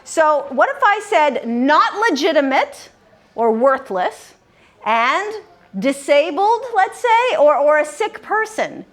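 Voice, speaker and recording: Female quiz host, high voice, slow and patient, gives clues and repeats answers to her group. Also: big pitch swings, fairly bright tone. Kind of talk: leading a live word game. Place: common room of a senior-living community.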